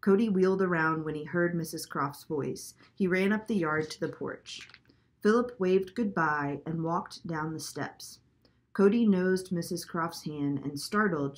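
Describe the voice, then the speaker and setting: A woman's voice: lowish voice, measured pace. Woman reading a chapter book aloud. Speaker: storybook reader.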